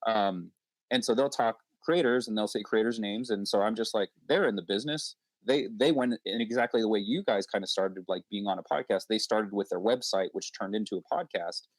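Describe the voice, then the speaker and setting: A man's voice: lowish voice, a little fast, dry recording. A man, a podcast host, chatting on a panel and acting out past exchanges in a rambling way. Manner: rambling, acts out quoted exchanges. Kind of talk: casual panel discussion.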